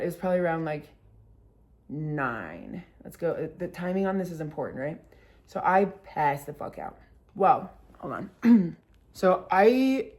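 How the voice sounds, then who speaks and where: A young woman in her twenties chatting casually as a vlogger, filling every pause with "like" and breaking into laughter. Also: a little mellow. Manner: filler-heavy with constant "like", bursts into laughter; acts out quotes with sudden high squeals. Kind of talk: casual storytime chat.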